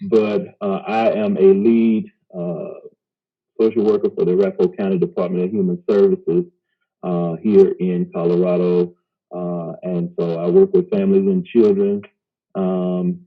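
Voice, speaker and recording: A man's voice: sits low, flat delivery, measured pace. A man from Mississippi with a Southern accent, a social worker on a panel, friendly and down-to-earth with filler words. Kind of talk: casual panel discussion. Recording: dull lo-fi recording.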